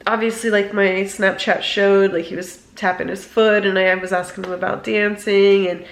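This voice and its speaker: A woman's voice: mid-range voice, level tone, moderate pace, reverberant. A young woman talking in a rambling, emotional way, filling her speech with "like" and "um", in a personal vlog. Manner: emotional, rambling, many fillers. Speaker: vlogger.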